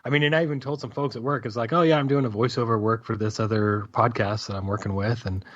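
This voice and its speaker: A man's voice: medium pitch, fairly even intonation, fast talker, fairly bright tone. Man, casual interview chat, hesitant, easygoing, dull recording. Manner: easygoing, hesitant, repeats words. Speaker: voice actor in an audio drama.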